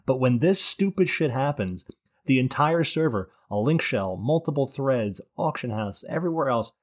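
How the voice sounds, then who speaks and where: A man talking in a relaxed gaming chat at an ordinary middle pitch. He is sarcastic and animated, and he swears freely as he rants. His delivery is lively and fast when he gets worked up.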